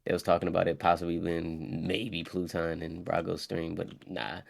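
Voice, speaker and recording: A man in casual chat as a guest, hesitant, with many pauses and fillers. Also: low voice, level tone, gravelly.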